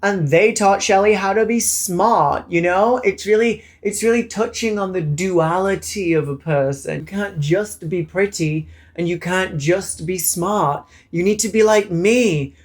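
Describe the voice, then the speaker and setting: A man's voice: high voice, unhurried, few pauses. A young man with a British accent, recapping a film in a sassy, camp, swearing manner. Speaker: film reviewer. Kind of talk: casual movie recap.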